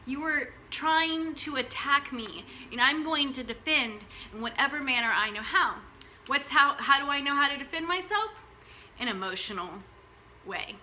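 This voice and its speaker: Passionate woman with a bright voice. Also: high-pitched, a little hiss or hum, rough recording. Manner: animated, heavy use of "like", rhetorical questions. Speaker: vlogger, mothers' rights advocate. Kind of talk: passionate monologue to camera.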